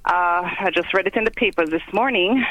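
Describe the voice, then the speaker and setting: A Jamaican woman, a guest commentator in a phone-in news interview, explaining things step by step with pauses. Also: on the low side, fairly bright tone, poor audio.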